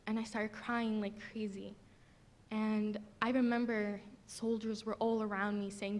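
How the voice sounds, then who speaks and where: A young woman from the audience telling a personal story, halting and tearful, with many fillers. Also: mid-range voice, flat delivery. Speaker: audience member. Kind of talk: emotional personal testimony. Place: large theater.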